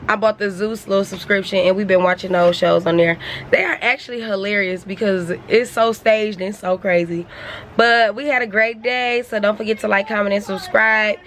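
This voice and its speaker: A woman's voice: medium pitch, slight background noise, poor audio. Chatty woman vlogging outdoors. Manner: laid-back, chatty, laughs often. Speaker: family vlogger, mother. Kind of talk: casual family vlog chat. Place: outdoors at a park.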